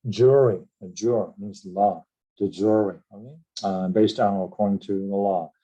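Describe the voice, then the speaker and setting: A man with a lowish, mellow voice and fairly even intonation teaches an English vocabulary lesson, explaining word roots and spelling words letter by letter. Between pauses and filler sounds, he keeps checking in with "right?" The sound is lo-fi.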